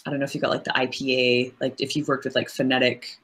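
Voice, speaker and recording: Low-voiced woman voice actress. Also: level tone, fast talker, a bit bright. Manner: thoughtful, explains at length with frequent fillers. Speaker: voice actress guest. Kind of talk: casual interview chat.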